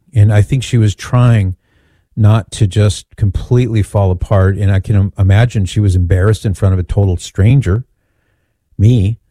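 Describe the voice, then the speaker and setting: A man telling a personal story in an earnest, measured way, often repeating phrases for emphasis. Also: lowish voice, warm tone, husky, dry recording.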